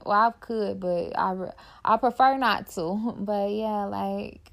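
A woman's voice: medium pitch, steady tone, slow, gravelly, fairly bright tone. A young woman podcaster talking candidly and heartfelt in casual personal reflection, filling her talk with "like". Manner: candid and heartfelt, heavy use of "like".

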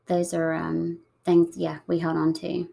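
A woman in her thirties, soft-spoken and reflective, talking slowly with pauses in an emotional interview. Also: on the low side, completely flat delivery, creaky. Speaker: guest.

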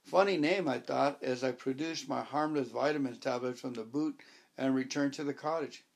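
A man narrating a first-person story as an audiobook, wry and measured, voicing his own dialogue. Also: mid-range voice, vocal fry.

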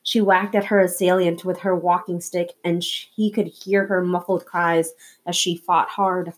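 A woman's voice: fairly low pitch, flat delivery, unhurried. A woman reading a wartime novel aloud, telling the story expressively with small slips and restarts. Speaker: audiobook reader.

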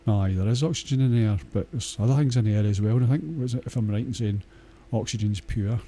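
Dark-voiced Scottish man rambling bluntly. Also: on the low side, fast talker, a little hiss or hum. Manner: blunt and crude, swears a lot, hesitant with many fillers. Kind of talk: casual rambling monologue.

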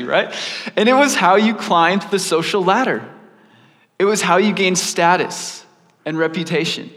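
Male preacher, fairly high voice, casual chatty sermon, long hall reverb. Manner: animated, laid-back, peppered with "like".

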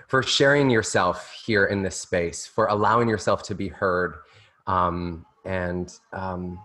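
A man hosting a podcast interview, his voice sitting a little low. He laughs often and gushes with affection for his guest. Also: a bit bright. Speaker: podcast host. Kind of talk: warm interview chat.

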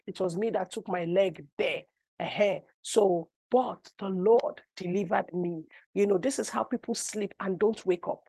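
A woman's voice: mid-range voice, measured pace, vocal fry, breathy edge, no echo. A middle-aged woman preacher, giving a sermon full of personal testimony, telling stories animatedly and rising to cries. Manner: animated storytelling that rises to cries. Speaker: apostle, preacher.

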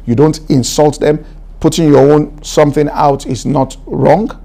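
A man preaching a sermon, exhorting his listeners in a repetitive, emphatic style that climbs higher as he builds. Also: fairly even intonation, a little slow, creaky, mellow. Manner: preaching, rising to an emphatic raised pitch. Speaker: pastor.

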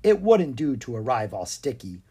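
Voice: mid-range voice, very animated, normal speed, warm tone, slightly rough. A storybook reader voicing a flustered, proper mother. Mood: fussy. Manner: fussy, proper. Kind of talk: storybook read-aloud.

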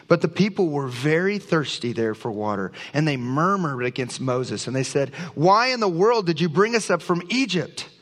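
A man's voice: on the high side, very animated, normal speed, hardly any pauses, fairly bright tone. A man preaching a sermon as pastor, reading scripture aloud and speaking with earnest emphasis. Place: church sanctuary. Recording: long church reverb.

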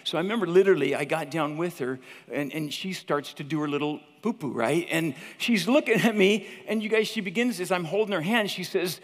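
A man in his fifties, a teacher giving a chapel talk, who tells stories in an animated, chatty way and keeps calling the listeners "you guys". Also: fairly high pitch, a little fast, hardly any pauses. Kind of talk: storytelling sermon. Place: large hall with an audience. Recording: long hall reverb.

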